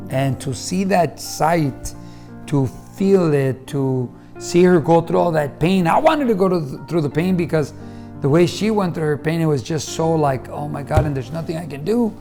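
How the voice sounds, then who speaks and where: A middle-aged man spins a family story in casual chat, his voice sitting a touch high for a man. He acts out each quoted line, jumping up in loudness and pitch, then dropping back down to tell the rest. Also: measured pace, soft background music. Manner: animated storyteller who acts out quoted lines with bursts of loudness. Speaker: host, husband and father.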